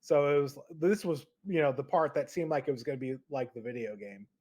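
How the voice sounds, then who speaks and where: Relaxed man rambling about a film. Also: mid-range voice, a little fast. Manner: relaxed, rambling, compares film to video game. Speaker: podcast co-host. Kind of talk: casual movie discussion.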